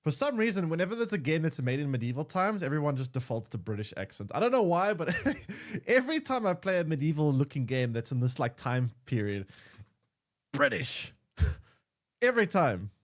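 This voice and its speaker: A man's voice: on the high side, sing-song, fairly quick. A young man streaming a game, chatting casually with many stammered restarts and repeated words. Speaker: gaming streamer. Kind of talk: casual gaming commentary.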